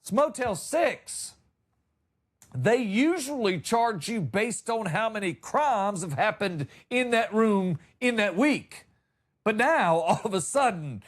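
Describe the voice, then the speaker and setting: Male comic host, high voice that leaps around, drawling storyteller who plays every character himself. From Georgia, US. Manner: animated, drawling, acts out voices. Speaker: comedian host. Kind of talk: comedic storytelling.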